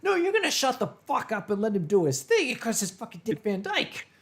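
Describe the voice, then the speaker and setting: A man's voice: sits high, huge pitch swings, fairly quick. A man hosting a casual drinking livestream, telling rambling, theatrical stories full of swearing. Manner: rambling, theatrical storyteller with profanity. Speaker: livestream host. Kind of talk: casual drinking-stream chat.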